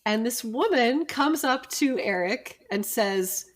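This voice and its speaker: Animated middle-aged woman telling a story. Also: a little high, slow. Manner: animated storyteller who acts out quoted people. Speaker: podcast co-host and physician. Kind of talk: casual storytelling chat.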